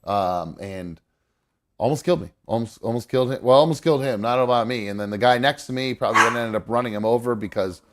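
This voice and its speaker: A man's voice: mid-range voice, fast talker. A man hosting a live call-in stream, chatting casually with frequent swearing and restarts. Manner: rambling, swears freely, restarts sentences. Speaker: host of a live call-in show.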